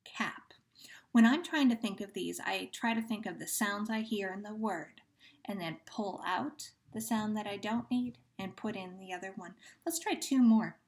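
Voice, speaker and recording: A woman teacher leading young children through a phonemic awareness lesson, running patient sound drills and praising each answer. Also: medium pitch. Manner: slow, patient drills with pauses and gentle praise.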